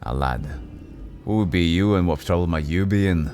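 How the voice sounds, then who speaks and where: A man's voice: deep voice, moderate pace, darkish tone, faint music behind, natural voice. A man voicing a friendly old retired male city guard with a Scottish accent, chatty and folksy in an old-timey way. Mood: jovial.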